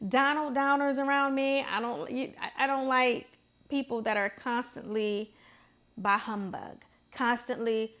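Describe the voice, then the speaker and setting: A woman in her thirties hosts her own vlog in a loose, opinionated monologue. Her voice sits a little high, and she talks in an emphatic, chatty way, circling back over phrases to drive them home. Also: fairly bright tone. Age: 30s. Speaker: vlog host.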